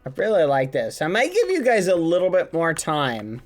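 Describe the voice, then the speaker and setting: A man's voice: fairly high pitch, wildly swooping pitch, moderate pace, faint music behind. A man hosting a building game on stream, casually chatting and joking with the players and encouraging them. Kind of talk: casual livestream commentary.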